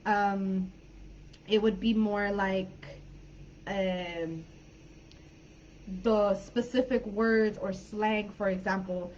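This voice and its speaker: A woman's voice: mid-range voice, steady tone, extremely slow, pauses often, darkish tone, highs cut off, slight background noise. A woman with an American accent teaching an English class online, explaining patiently with lots of fillers.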